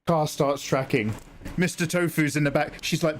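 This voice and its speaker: A man's voice: fairly high pitch, fairly even intonation, moderate pace, slight background noise. A young man chatting casually on his art livestream, joking and laughing at his own stories. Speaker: art streamer.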